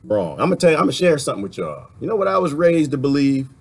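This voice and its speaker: A man's voice: fairly high pitch, sing-song, very fast, vocal fry, a little mellow, slightly rough. A man from the Washington, D.C. area, ranting sarcastically in a livestream while reading viewer comments, laughing often between points.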